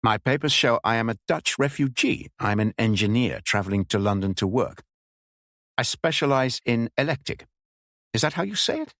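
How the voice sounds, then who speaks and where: A man voicing a rude German spy posing as a Dutch refugee, speaking halting, stiff English with a German accent. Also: mid-range voice, lively intonation, a bit bright, no echo, clean studio sound. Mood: stiff, offhand.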